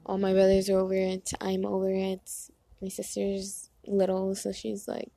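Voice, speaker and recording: A woman's voice: medium pitch, monotone, normal speed, vocal fry, dark tone, no echo. A young woman in casual chat, telling a rambling, exasperated story and acting out other people in quoted asides. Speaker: vlogger.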